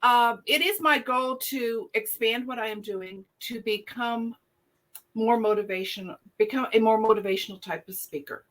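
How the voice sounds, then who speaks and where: A woman co-hosting a casual chat, thoughtful and quick to laugh. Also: a little high, a bit bright. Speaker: podcast co-host.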